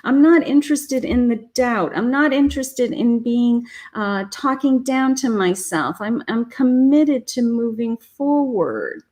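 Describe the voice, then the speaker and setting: A woman's voice: a little high, lively intonation, a little slow, few pauses, a little mellow. A woman giving a live tarot reading, chatty and encouraging, talking straight to the viewer. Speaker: psychic tarot reader.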